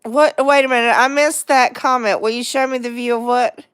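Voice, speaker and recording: A woman's voice: a little high, fairly even intonation, moderate pace, fairly bright tone, clear, resonant tone, no echo, studio quality. A middle-aged woman hosting a casual livestream chat, rambling along, chatting to viewers and laughing often. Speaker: livestream host.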